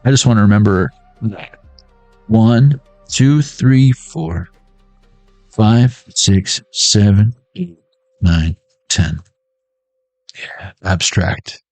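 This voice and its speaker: A tarot reader gives a casual pick-a-deck reading, joking around with playful, slangy banter. His voice is lowish and darkish, with a slow pace and long pauses, recorded without echo over soft background music.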